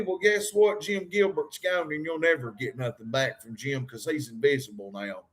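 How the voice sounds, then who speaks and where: A man's voice: fairly high pitch, normal speed, few pauses, fairly bright tone. A man rambling on a livestream, calling out to his viewers and joking. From Harlan County, Kentucky. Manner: rambling, addresses viewers directly, jokey. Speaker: livestream host. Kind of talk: rambling livestream talk to chat.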